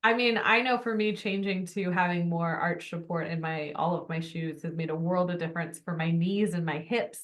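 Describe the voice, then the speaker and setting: A woman's voice: lowish voice, moderate pace, few pauses. A woman hosting a podcast interview, encouraging her guest with enthusiastic affirmations. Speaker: podcast host. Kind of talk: casual interview chat.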